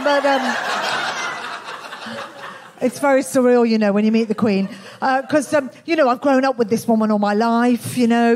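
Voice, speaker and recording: A woman with a Birmingham accent performing a stand-up comedy set in a club, with a dry, deadpan, self-mocking delivery. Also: a little high, noisy background. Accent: Birmingham English. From England. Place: comedy club with live audience.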